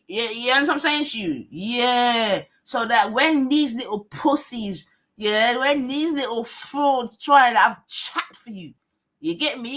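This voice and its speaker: Sharp in tone and on the high side, a woman's voice carries a heated livestream rant that she hosts. She's combative, swears, leans on heavy slang and keeps restating her points.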